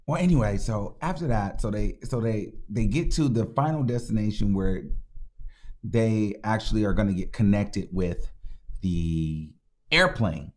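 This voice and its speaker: A man's voice: on the low side, a little slow, a little mellow. A man hosting his channel and recapping a movie in a slangy, dramatic way, repeating lines for emphasis and acting out sound effects. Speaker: movie reviewer and channel host.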